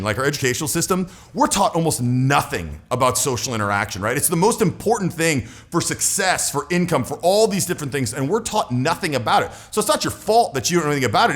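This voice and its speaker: A man in his forties talks straight to the viewer in a casual, emphatic coaching style. His voice sits slightly high and swings widely in pitch. His delivery is animated throughout. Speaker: social skills coach. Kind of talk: casual YouTube coaching talk.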